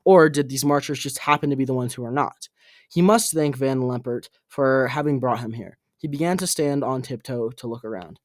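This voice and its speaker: A man reading an audiobook aloud, halting and correcting his own slips. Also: medium pitch, no echo, studio quality. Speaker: audiobook reader.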